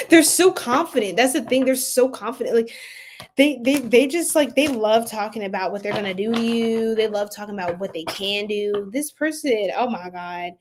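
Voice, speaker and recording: A woman giving a casual tarot reading to her viewers, slangy and playful, laughing often and swinging from loud outbursts to soft asides. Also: fairly high pitch, normal speed, a little hiss or hum. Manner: slangy, repeats phrases. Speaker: tarot reader.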